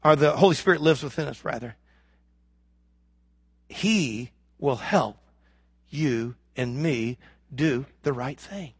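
A man preaching a sermon as pastor, swinging from loud emphasis to hushed lows and acting out imagined prayers. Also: slow, long pauses, slightly rough, dry recording. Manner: acts out imagined prayers and voices of the congregation.

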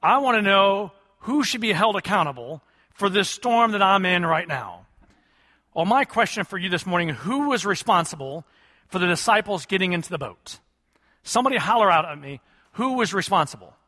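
A man preaches to his congregation, asking them questions and calling for answers. His voice sits high and sounds bright and forceful. It carries a long echo from a large hall. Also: lively intonation, moderate pace. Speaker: pastor. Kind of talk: sermon.

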